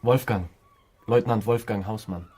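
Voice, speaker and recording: An actor playing a humble young German escaped prisoner-of-war officer, who speaks formal, halting English with a German accent in a radio drama. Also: male voice, fairly low pitch, a little mellow, slightly rough. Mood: weary, polite.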